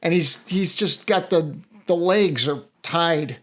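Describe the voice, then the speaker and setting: A man's voice: fairly high pitch, slow, a bit bright. A man co-hosting a podcast in casual chat, joking and laughing often as he tells anecdotes. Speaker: podcast co-host.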